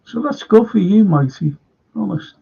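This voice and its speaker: An older man with a Liverpool accent hosts a live fan stream, reading out comments and wandering through anecdotes. His voice is gravelly and husky. The sound is dull and lo-fi. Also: high voice, expressive, moderate pace, mellow. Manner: rambling anecdotes with repeated restarts. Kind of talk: casual chat reading viewer comments.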